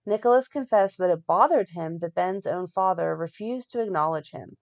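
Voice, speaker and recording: A woman co-hosting a fan podcast, reading a plot recap in a steady run and breaking off now and then to comment. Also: fairly low pitch, normal speed. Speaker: podcast co-host recapping a soap.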